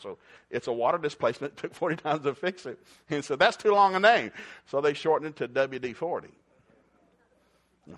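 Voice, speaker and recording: A man's voice: medium pitch, a bit bright. A male preacher, telling stories in a sermon and acting out quotes and sound effects. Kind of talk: storytelling sermon.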